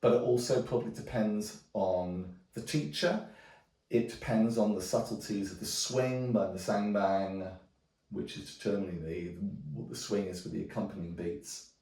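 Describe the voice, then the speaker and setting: A man teaching djembe, explaining technique in a relaxed way and often checking in with a quick "okay?". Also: on the low side. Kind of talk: demonstrating drum technique. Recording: roomy sound from a distance. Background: djembe drumming.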